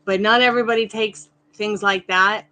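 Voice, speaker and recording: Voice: mid-range voice, steady tone, normal speed, bright, forceful tone. A tarot reader hosting a live stream, chatting casually with viewers and addressing them by name, firm but polite.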